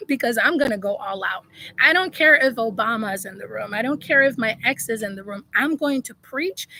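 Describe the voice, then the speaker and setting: A woman's voice: on the high side, pushed and bright, rough recording. A woman life coach talking live to her viewers, emphatic and preachy, calling them y'all. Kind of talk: live-stream motivational talk.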